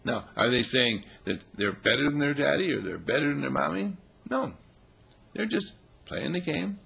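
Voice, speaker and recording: Gravelly, husky man giving a spiritual talk. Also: medium pitch, moderate pace. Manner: playful, animated, voicing animals and quotes.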